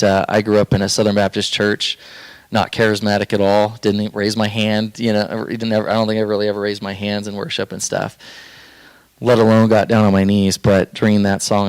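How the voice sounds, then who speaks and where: A man's voice: on the low side, monotone, a little fast, smooth, no room sound. A young man sharing a personal faith story on a podcast, earnest and heartfelt, rambling with fillers and restarts as he talks.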